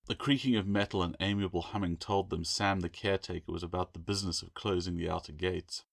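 A man reading his own novel aloud as a steady, measured audiobook narration. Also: low-pitched, vocal fry, no room sound, clean studio sound.

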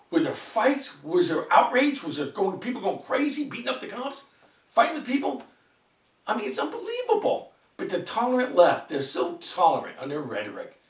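A vlogger with a slightly high voice rants heatedly about politics, firing off rhetorical questions and swearing. He sits away from the mic in an echoey room, so he sounds distant.

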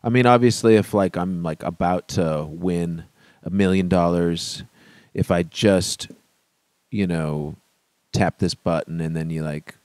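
Low-voiced joking male guest. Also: unhurried, a little mellow, no room sound. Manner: joking, laughs often, wry. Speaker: musician guest. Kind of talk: casual podcast chat.

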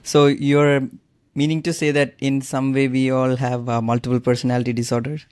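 A man hosting an interview speaks in an even, flat tone at a middle pitch. His voice is dry and close, and he presses his guest with short follow-up questions. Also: brisk, dry recording. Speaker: podcast host.

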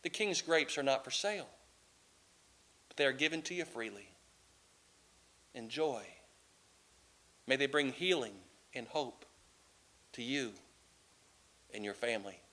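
A man voicing a kindly king in a soft, hushed, low voice. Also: animated, a little slow, pauses often. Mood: gentle.

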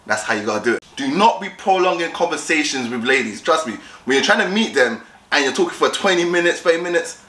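A young man with a mid-range, bright, forceful voice gives dating tips in a casual vlog recorded in an echoey room. He talks directly and repetitively, acting out both sides of conversations.

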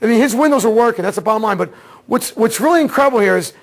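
A man teaching an automotive diagnostics seminar, telling a case story in a casual, excitable way and acting out the dialogue. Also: very high voice, racing, gravelly. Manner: casual slangy talk, repeats words. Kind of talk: seminar lecture.

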